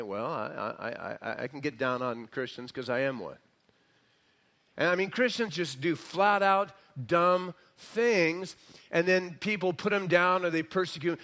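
A man preaches a sermon in a slightly high voice. His delivery is slow and emphatic, leaning hard on key words. He sometimes drops into a quieter, conversational tone. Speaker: pastor.

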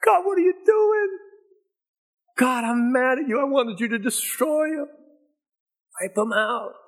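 Man doing an angry old-time prophet, gloating, shouty and high. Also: expressive, unhurried, exaggerated voice. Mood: furious.

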